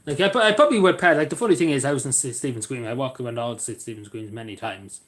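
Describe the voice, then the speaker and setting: Racing along in a mid-range voice, a man rambles and cracks jokes during a casual live stream. His sentences frequently trail off into quiet endings.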